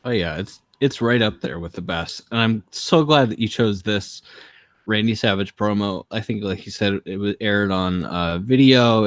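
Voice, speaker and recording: A man's voice: deep voice, a bit bright, no room sound. A man co-hosting a casual podcast chat, enthusiastic, laughing often and restarting his phrases.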